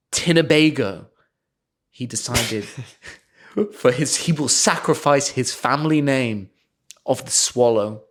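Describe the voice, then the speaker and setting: A man spins an improvised comic story as a podcast co-host. His delivery is mock-dramatic and he keeps slipping into laughter. His pitch swings widely and stays lively throughout.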